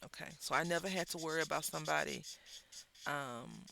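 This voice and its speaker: A woman hosting a crafting video, telling a story in a chatty, animated way with wry asides while she works at her craft table. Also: sits low, fairly quick, vocal fry. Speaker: craft channel host.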